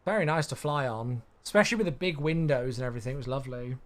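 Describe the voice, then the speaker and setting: A man chatting easily on a live stream while he flies a sim, with a middling voice pitch. He is a bit sleepy, answering his chat casually with friendly fillers. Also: rapid-fire. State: sleepy, yawning.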